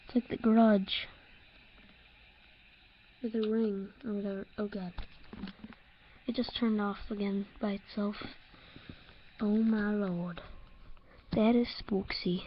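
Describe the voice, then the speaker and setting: Slow, jumpy young woman gamer. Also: medium pitch, muffled recording, a little hiss or hum. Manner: excitable, jumpy, laughs at her own scares. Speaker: let's-play gamer. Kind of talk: horror game commentary.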